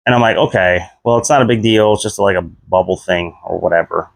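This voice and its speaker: A man in his thirties casually telling a personal story, leaping up in pitch whenever he replays his own reactions. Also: a little fast, vocal fry, no echo. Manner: animated retelling, voice jumps high when quoting himself. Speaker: vlogger.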